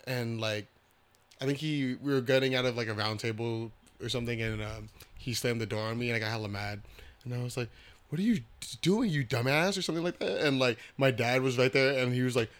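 A young man chatting on a podcast in a relaxed, slangy way. He keeps it loose and conversational as he tells a story from his childhood. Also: medium pitch, fast talker, clear, resonant tone. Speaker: podcast co-host. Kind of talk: casual chat.

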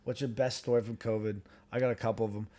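A man's voice: fairly low pitch, little pitch movement, fast talker, dark tone. A man in his thirties, co-hosting a podcast, telling a story in casual chat, swearing heavily and laughing as he goes. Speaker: podcast co-host.

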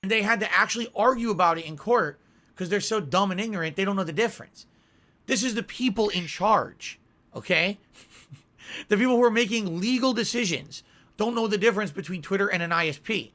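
Indignant lecturing man with a high bright voice. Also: brisk. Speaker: streamer. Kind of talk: ranting podcast monologue.

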